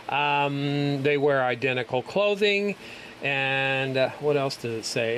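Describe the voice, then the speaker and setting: A man's voice: mid-range voice, slow pace, a bit bright, low-quality recording. Sardonic man over faint background noise. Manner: sardonic, gloomy humor. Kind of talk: casual chat.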